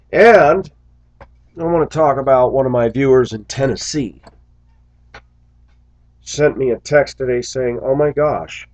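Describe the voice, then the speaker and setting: A man's voice: medium pitch, darkish tone, dry recording, muffled recording. A man who drives a school bus, talking earnestly to his viewers in a casual, reflective monologue full of little stories.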